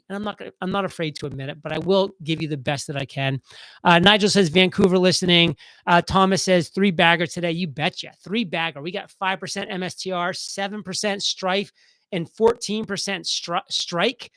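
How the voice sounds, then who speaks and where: Man, high voice, excited, fast-talking stream host, dry close sound. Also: no room sound, poor audio. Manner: excited, fast-talking, reads viewer comments aloud. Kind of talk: casual live stream chat reading comments.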